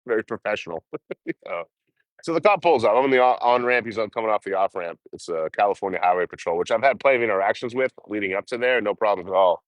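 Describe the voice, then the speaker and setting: A man casually telling hitchhiking stories on a livestream, full of swearing and lively asides. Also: on the low side, fast talker, no room sound. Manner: profane, animated storytelling.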